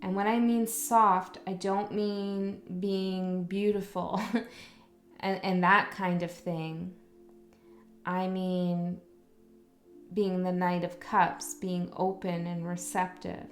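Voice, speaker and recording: A woman with a lowish, unvaried voice takes her time delivering a casual tarot reading. She is frank and talkative, checking in with the listener with "okay?". There's a roomy echo and faint background music.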